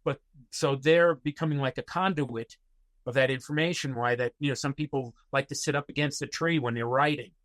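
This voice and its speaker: A man's voice: mid-range voice, fairly even intonation, a little fast, fairly bright tone, no echo. A man guest on a podcast, telling personal stories in a rambling way with many fillers and restarts. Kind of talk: casual interview storytelling.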